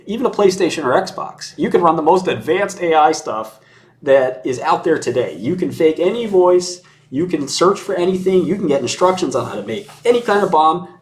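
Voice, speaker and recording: Sarcastic man talking in an animated way. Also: fairly high pitch, a little hiss or hum. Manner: sarcastic, mimics others in mocking voices; chuckles mid-sentence. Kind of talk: opinionated casual conversation.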